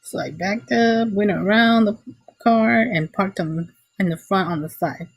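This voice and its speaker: A woman casually telling a personal story, animated and exclamatory, acting out her own reactions, recorded on a computer mic. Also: medium pitch, unhurried, vocal fry, slightly rough, dry recording. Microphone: computer mic, screen recording.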